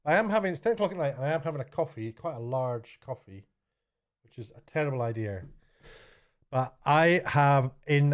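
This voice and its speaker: Middle-aged male vlogger, mid pitch, rambling self-deprecating chatter, muffled lo-fi recording. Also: clear, resonant tone. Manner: chatty, self-mocking, stumbling restarts. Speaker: YouTuber and TV director. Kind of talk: rambling late-night vlog. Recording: dull lo-fi sound.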